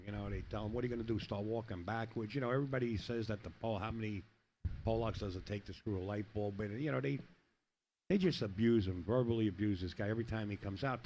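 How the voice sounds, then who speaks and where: A middle-aged man gives rambling, chatty play-by-play of a pool match, telling jokes between shots. His voice is on the low side with a darkish tone, and there's a little hiss or hum.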